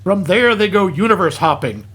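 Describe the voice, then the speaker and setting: A man's voice: high voice, animated, moderate pace, pushed and bright. A man co-hosting a podcast, recapping a film with joking fake slips and corrections. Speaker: podcast co-host. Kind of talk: comedic movie recap.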